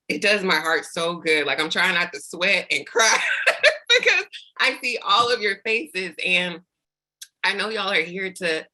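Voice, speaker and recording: A woman on a video call with a lowish, bright, forceful voice. She gushes heartfelt thanks to her team as their new sales director, holding back tears the whole way. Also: poor audio. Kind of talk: celebration speech on a video call.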